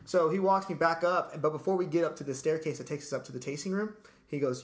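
A man's voice: a little high, fast. A man casually telling a long story in a podcast chat, laid-back and profane, dropping "dude" and "like" constantly.

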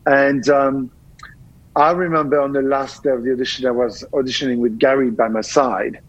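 A man's voice: mid-range voice, normal speed, highs cut off. A middle-aged man with a French accent, a guest chef chatting in an interview and telling stories with repeated words as he searches for them. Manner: animated storyteller, repeats words while searching. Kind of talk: casual interview conversation.

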